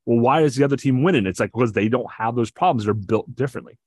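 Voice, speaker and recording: A man's voice: medium pitch, fast, a little mellow, slightly rough, dry recording, studio quality. A man co-hosting a podcast, chatting about sports with enthusiasm and explaining at length, often stammering through restarts. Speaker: podcast co-host. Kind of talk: casual sports chat.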